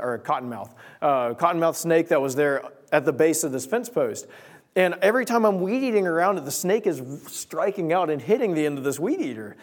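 A young man tells a story from the pulpit, his voice sitting a little high. He speaks in an animated way and acts out the voices and sound effects in his story. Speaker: preacher. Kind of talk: sermon storytelling.

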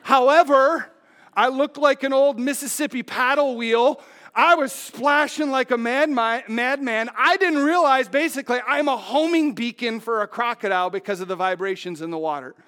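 A man with a high voice tells a story to a live audience from a stage. He halts often, stumbling over fillers and restarts. At the tense moments his voice sinks low and quiet. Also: smooth. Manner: dramatic, drops to a hush at tense moments; halting, with many fillers and restarts. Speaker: speaker on stage.

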